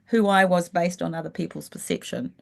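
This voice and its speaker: With a gravelly, steady, fairly low voice, a middle-aged woman from New Zealand shares candid stories as a guest on a casual interview. A leadership coach, she is frank and reflective, slowing as she looks back.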